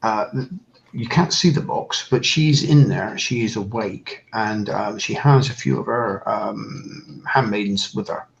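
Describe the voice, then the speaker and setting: A low, gravelly man narrates a tabletop game as its game master, pausing often with fillers and restarts. The recording is a little dull, with a faint hiss behind him. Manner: hesitant, many fillers and restarts.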